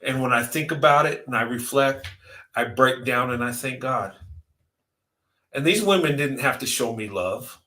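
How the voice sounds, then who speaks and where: A man's voice: mid-range voice, moderate pace, pushed and bright, echoey room. A man in his fifties giving a heartfelt vlog monologue, earnest and emphatic, building his points through repetition. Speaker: vlogger.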